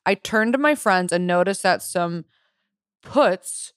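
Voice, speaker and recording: Young woman podcast co-host, lower pitch, smooth clear tone, reads listener stories with joking asides, dry close sound. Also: expressive, slow, dry recording. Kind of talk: casual chat.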